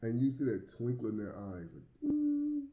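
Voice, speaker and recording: A Southern American man with a lisp, talking to camera in a loose, rambling way and tripping over repeated words. His voice is very dark and mellow. It sounds roomy and a little muffled, like a home setup with echo. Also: mid-range voice, brisk, creaky. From United States. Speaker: vlogger living abroad. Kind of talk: casual talk to camera.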